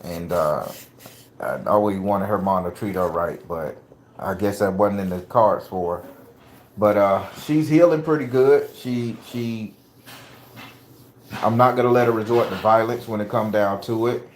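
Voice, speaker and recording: A man's voice: fairly low pitch, measured pace, a little hiss or hum. A blunt, profane middle-aged man talking casually to his viewers, laughing easily. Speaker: spiritual vlogger and father. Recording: echoey room.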